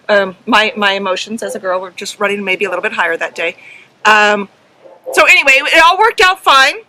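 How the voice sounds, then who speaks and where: Bright-voiced earnest middle-aged woman. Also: mid-range voice, expressive, a little hiss or hum, rough recording. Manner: earnest, emotional, halting with many ums. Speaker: podcast co-host and herding judge. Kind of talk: casual storytelling chat.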